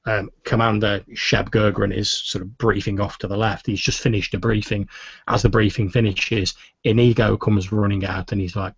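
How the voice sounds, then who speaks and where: A male game master narrating a tabletop role-play in an easygoing storyteller's manner. His voice is low and husky. The audio is dry and dull, like a home podcast mic. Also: normal speed, no room sound. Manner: relaxed storyteller, many fillers.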